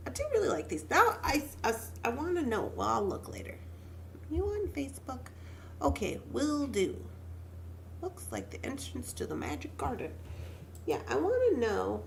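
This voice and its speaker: A woman's voice: high voice, wildly swooping pitch, normal speed, creaky, slight background noise. A young woman hosting a casual livestream, chatting to viewers and talking to herself as she makes jewelry. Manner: chatty, talks to herself while working, greets viewers by name. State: pregnant. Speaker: livestream jewelry-making host. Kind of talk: casual livestream chat while beading.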